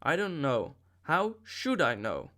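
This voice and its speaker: A man reading an audiobook and voicing a distraught, bitter woman in a raised, sharp voice. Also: fairly high pitch, wildly swooping pitch, slow, heavily acted. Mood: despairing.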